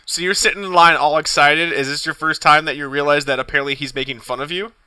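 A man co-hosting a podcast in casual chat, excitable and profane, laughing often and tripping over his words. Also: fairly high pitch, fast, no echo, poor audio. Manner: excitable, profane, laughs a lot, stammers restarts. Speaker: podcast co-host.

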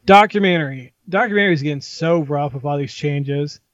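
A man's voice: a little high, no echo. Opinionated man with a dry, muffled voice. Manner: opinionated, rapid, swears freely. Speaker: co-host of a movie podcast. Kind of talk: casual, profane awards predictions.

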